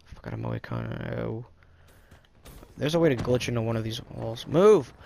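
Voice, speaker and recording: A man giving live gameplay commentary, frustrated and swearing, with sudden excitable outbursts. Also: mid-range voice, normal speed, vocal fry, slight background noise. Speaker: gaming video creator.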